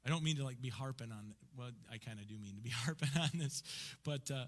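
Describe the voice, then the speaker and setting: A man preaching a sermon as pastor, emphatic and lively, asking the congregation questions and answering them himself. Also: medium pitch, fast talker. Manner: energetic, emphatic preaching with call-and-response questions. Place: church sanctuary. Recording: church hall reverb.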